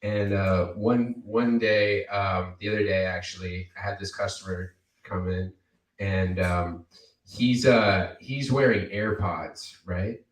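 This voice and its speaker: A man with a low voice talks through a stand-up set, rambling and halting with lots of fillers. He sounds far from the mic, in an echoey basement room. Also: steady tone. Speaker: stand-up comedian. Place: basement cafe venue.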